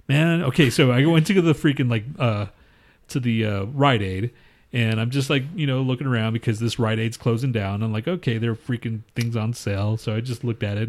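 Rambling profane man telling a story. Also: mid-range voice. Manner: rambling, profane, animated retelling. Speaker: podcast co-host. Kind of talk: casual crude storytelling.

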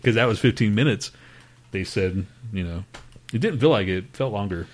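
A man's voice: fairly low pitch, lively intonation, a little fast. A man hosting a podcast in casual chat, crude and joking, swearing often and laughing a lot. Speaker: podcast host.

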